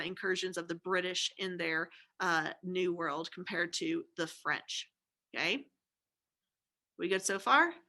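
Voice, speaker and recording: A woman lectures on history in a chatty, informal way. Her voice is bright and clear, and she keeps checking in with her students and tossing in wry jokes as she goes. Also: mid-range voice. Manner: chatty and informal, with frequent "okay?" check-ins and jokey asides. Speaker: history teacher. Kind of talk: recorded classroom lecture.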